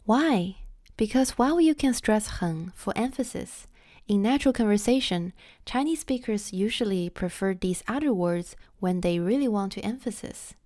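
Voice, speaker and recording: A woman teaching Chinese in a scripted lesson, repeating each example phrase slowly and carefully for learners. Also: medium pitch, animated, dark tone, no echo, clean studio sound.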